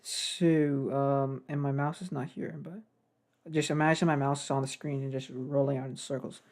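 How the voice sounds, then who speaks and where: A man's voice: mid-range voice, little pitch movement, moderate pace, a little mellow. A young man casually narrating his game development work, rambling and getting sidetracked. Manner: rambling, self-deprecating, gets sidetracked. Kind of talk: casual devlog commentary.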